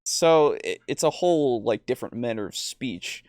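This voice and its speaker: A man co-hosting a tabletop gaming podcast chats casually and rambles, with fillers, restarts, and frequent laughs. His medium-pitched voice is animated and darkish at a moderate pace, recorded in studio quality with no room sound.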